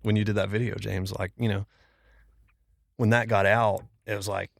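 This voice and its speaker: A man from Florida, a pastor, tells a personal story as a podcast guest. His voice is low with a gravelly edge, recorded dry and close. He speaks casually and slangily, and he acts out what people said. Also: little pitch movement, moderate pace, no room sound.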